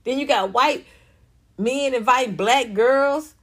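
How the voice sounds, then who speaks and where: A woman hosts a casual celebrity gossip show. Her voice sits a little high. She is brash and profane and tells her stories in a loud, animated way. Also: slow pace. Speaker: channel host.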